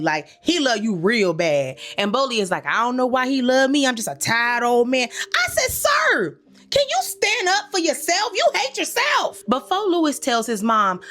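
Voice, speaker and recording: A woman hosting a comedic recap commentary, sassy and slangy, talking straight to her listeners and scolding the characters. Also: medium pitch. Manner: animated, sassy, talks back to characters in quoted asides; slangy, addresses listeners as y'all.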